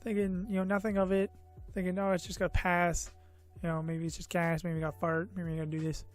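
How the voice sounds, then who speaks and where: A man's voice: high-pitched, monotone, fast talker. A man telling a personal story on his vlog, tired and a bit loopy, meandering with lots of fillers and self-mocking asides. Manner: meandering, full of "you know" and "uh", self-mocking. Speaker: vlogger. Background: faint background music.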